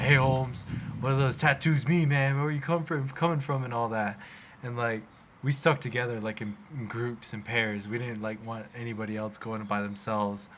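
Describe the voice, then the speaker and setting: Young man, from Arizona, podcast host, casual storytelling, animated, faint background noise. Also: medium pitch. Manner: animated storyteller, acts out quoted voices.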